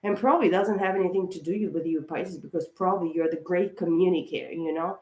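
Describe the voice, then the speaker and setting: Talking fast in a fairly low, slightly mellow voice, a tarot reader and channel host gives a casual astrology reading to camera. She's in an echoey room, rambling chattily, getting worked up, and repeating "of course" and "guys."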